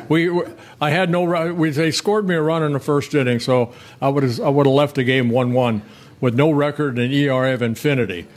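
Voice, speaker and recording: An older man, a former ballplayer, telling rambling, self-correcting stories in a casual interview. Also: mid-range voice. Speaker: former pitcher, guest.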